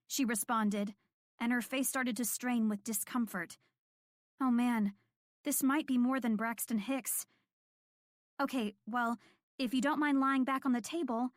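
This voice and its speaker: A woman reading a first-person audiobook in a calm, measured, clear voice. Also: a little high, no echo, clean studio sound. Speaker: audiobook narrator.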